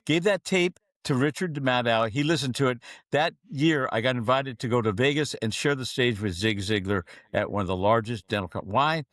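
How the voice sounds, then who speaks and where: In clean studio audio with no room sound, a medium-pitched middle-aged man shares stories as a podcast guest. A keynote speaker by trade, he performs the dialogue of the characters in his tales with lively energy.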